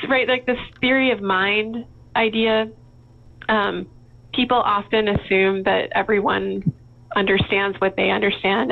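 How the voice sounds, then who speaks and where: A woman's voice: medium pitch, gravelly. A woman guest in a casual interview, telling candid work stories and laughing often. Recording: tinny phone-like line.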